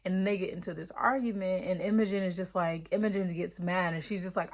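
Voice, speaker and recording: A young woman with a somewhat low-pitched voice talks through a book's plot in a loose, chatty vlog recap. She is blunt and animated and swears freely as she reacts. Her delivery stays informal throughout. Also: quick pace, few pauses. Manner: chatty, profane, animated retelling. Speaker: book reaction vlogger. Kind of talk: casual book recap.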